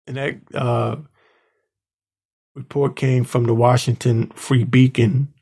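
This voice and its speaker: A podcast host who works in the Washington DC area rants angrily and indignantly, mocking the people he talks about. His medium-pitched voice is creaky and dark with a breathy edge, barely moving in pitch, and he speaks slowly.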